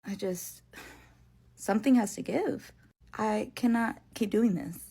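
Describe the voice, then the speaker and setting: A woman's voice: medium pitch, unhurried, vocal fry, noisy background. A woman speaking firmly and indignantly about being underpaid. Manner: indignant, firm. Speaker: healthcare worker. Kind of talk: frustrated monologue to camera.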